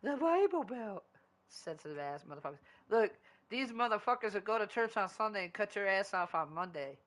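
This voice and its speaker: A man's voice: high-pitched, brisk, bright, forceful tone. A man chatting casually while streaming a video game, rambling loosely and swearing constantly. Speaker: gaming streamer. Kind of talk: casual chat while gaming.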